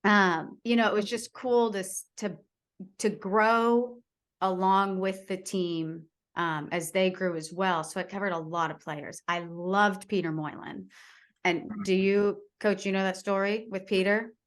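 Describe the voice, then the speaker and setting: A woman's voice: mid-range voice, steady tone, unhurried. A woman in her thirties, a sports reporter, telling stories in casual chat with an enthusiastic manner and many fillers. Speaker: baseball reporter, podcast guest.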